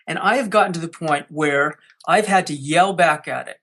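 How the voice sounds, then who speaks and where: A man's voice: on the high side, normal speed, hardly any pauses, fairly bright tone. A man speaking as a podcast guest, coaching listeners with energy and acting out quotes. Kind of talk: podcast interview.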